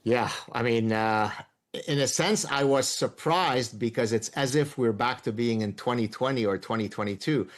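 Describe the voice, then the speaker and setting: A man's voice: mid-range voice, moderate pace. A middle-aged man from Lebanon, a guest giving emphatic interview answers and explaining his points like a professor.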